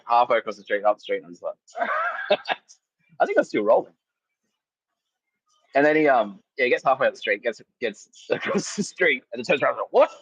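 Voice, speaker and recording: A man hosting a comedy podcast, telling a rambling story with lots of swearing, laughter and loudly acted-out quotes. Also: mid-range voice, breathy edge, no echo, lo-fi sound. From Australia. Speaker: podcast host.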